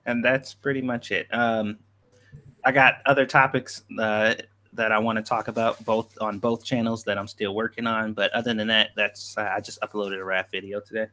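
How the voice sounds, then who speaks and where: A man co-hosting a casual livestream, chatting in a relaxed way and laughing often. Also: lowish voice, normal speed. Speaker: co-host.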